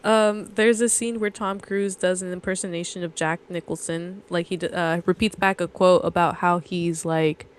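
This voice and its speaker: A woman's voice: lowish voice, steady tone, normal speed, few pauses, clean tone. A young adult woman co-hosting a casual movie podcast, rambling through trivia and anecdotes. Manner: rambling storyteller, reads trivia aloud. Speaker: podcast co-host.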